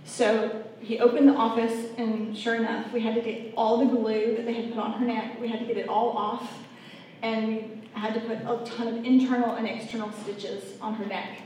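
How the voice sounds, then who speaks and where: A woman's voice: on the high side, flat delivery, normal speed, darkish tone. Earnest woman in echoey room. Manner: earnest heartfelt storytelling, addresses audience directly. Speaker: speaker sharing a personal testimony. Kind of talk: faith testimony talk. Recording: echoey room, mic at a distance, faint background noise.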